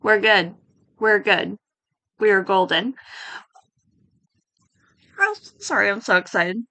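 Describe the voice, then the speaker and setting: A woman giving casual, excitable commentary over a life-sim game, gushing and giggly. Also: mid-range voice, slow pace, no echo, poor audio. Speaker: gaming creator.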